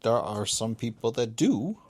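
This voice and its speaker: A man's voice: mid-range voice, big pitch swings, unhurried, darkish tone, no room sound. A man co-hosting a casual talk show, rambling with lots of fillers and restarts. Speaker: podcast co-host. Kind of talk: casual chat.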